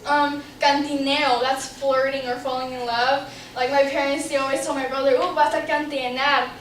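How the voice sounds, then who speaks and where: A woman's voice: high-pitched, level tone, moderate pace, a little hiss or hum. A young woman giving an informative class speech, chatty and explaining with examples. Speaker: student giving a class presentation. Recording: roomy classroom audio from a distant camera.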